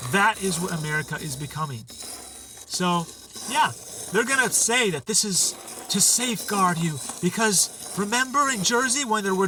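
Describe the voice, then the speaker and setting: A man rants with heat and sarcasm. His voice is high and bright. He sits a little back from the mic, with faint noise behind him. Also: far from the mic, poor audio. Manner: heated, sarcastic, repetitive ranting. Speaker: channel host. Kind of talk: political rant to camera.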